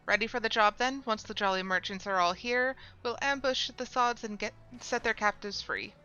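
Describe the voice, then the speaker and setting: A woman reading a gruff, streetwise male rogue from a video game, using a thick slangy put-on accent. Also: mid-range voice, moderate pace, bright, forceful tone, dull audio, faint music behind, close to an everyday voice. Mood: scheming. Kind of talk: reading game dialogue aloud.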